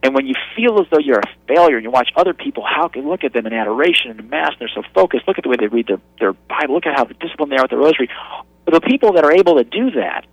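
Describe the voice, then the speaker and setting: A man in his thirties sharing an earnest personal testimony on prayer, going soft and low at tender moments. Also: lively intonation, very fast, gravelly, no echo, highs cut off.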